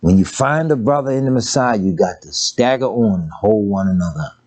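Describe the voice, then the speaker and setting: An older man preaching a folksy, humorous sermon, telling stories and swinging from low murmurs to high exclamations. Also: lively intonation, brisk, a little mellow. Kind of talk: sermon with storytelling.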